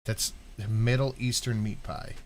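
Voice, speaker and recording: A man co-hosting a casual chat, calm and reassuring, repeating himself. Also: fairly low pitch, measured pace, a little hiss or hum. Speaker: co-host.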